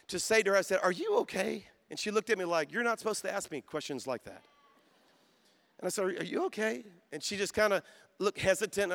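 A man preaching a sermon at a conference, telling a story in a soft voice and then building to shouted calls for praise. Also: high voice. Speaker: pastor. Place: conference hall.

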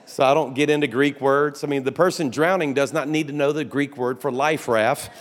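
A man's voice: mid-range voice, brisk. A man pastor, telling folksy stories in a sermon full of restarts and asides. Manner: folksy storytelling with restarts and laughter. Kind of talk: conference sermon. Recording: long hall reverb.

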